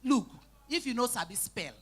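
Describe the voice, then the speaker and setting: A woman with a Nigerian Pidgin accent doing live stand-up comedy, telling animated stories, shouting out acted lines and teasing the crowd. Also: fairly high pitch, moderate pace, breathy edge. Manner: animated storytelling, bursts into shouting and acted quotes, teases the crowd. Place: live event stage.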